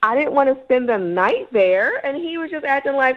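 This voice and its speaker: Woman caller, indignant, dramatic, slightly high voice, dull lo-fi phone sound. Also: very animated, moderate pace. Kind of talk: upset phone-in call.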